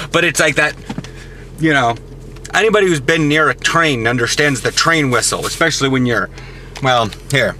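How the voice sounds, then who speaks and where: A man's voice: a little high, pushed and bright. Rambling man vlogging with a noisy camera. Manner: rambling, chatty, jumps between topics. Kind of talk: casual vlog monologue. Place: shops, butcher and car, in and out. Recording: noisy handheld camera audio.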